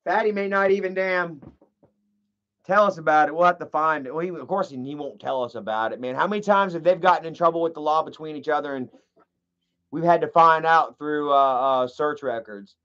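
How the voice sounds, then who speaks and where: A high-voiced man rants through his livestream commentary, swearing freely and rambling between fillers. The audio sounds dull and lo-fi. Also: brisk, a bit bright. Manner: ranting, profane, rambling with fillers. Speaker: livestream host. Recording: muffled lo-fi audio.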